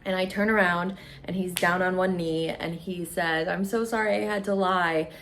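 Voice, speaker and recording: A woman's voice: fairly low pitch, fairly even intonation, moderate pace, fairly bright tone, slight background noise. A young adult woman beauty vlogger telling a story in casual chat, gushing and emotional.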